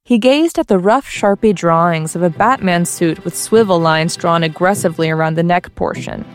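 A woman's voice: lowish voice, normal speed, faint music behind. A woman reading a comic parody story aloud with playful, wry asides. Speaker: narrator.

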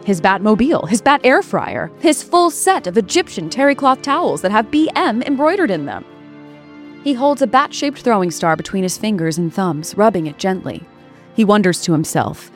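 A woman doing scripted comedic narration in a deadpan way, full of wry asides. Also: medium pitch, normal speed, faint music behind.

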